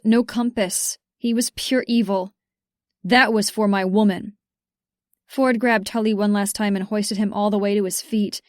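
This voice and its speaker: A woman's voice: mid-range voice, a little mellow, no echo, clean studio sound. A woman reading a first-person romance audiobook in a tense, urgent way. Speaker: audiobook narrator.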